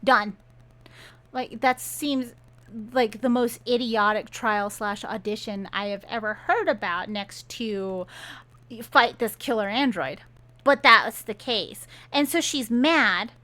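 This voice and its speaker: A woman's voice: a little high, takes it slowly, sharp tone. A woman reviewing a book in a sarcastic, exasperated rant, retelling the plot.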